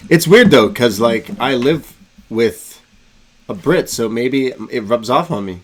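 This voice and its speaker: A man co-hosting a relaxed live podcast watch-along, trading jokes and laughing often. His voice sits at an ordinary middle pitch. He chats loosely, with plenty of fillers and good-humored teasing. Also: measured pace. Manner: joking, laughing banter. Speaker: podcast co-host. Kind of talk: casual chat on a live stream.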